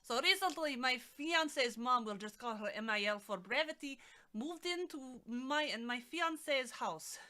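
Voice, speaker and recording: Une femme qui lit un récit à voix haute avec un faux accent russe approximatif, d'un ton appuyé et théâtral. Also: female voice, high voice, expressive, a little slow, bright, forceful tone, voice pushed up, exaggerated voice. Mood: mock storytelling. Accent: mock Russian, self-admittedly inaccurate. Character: woman telling her story in a mock Russian accent.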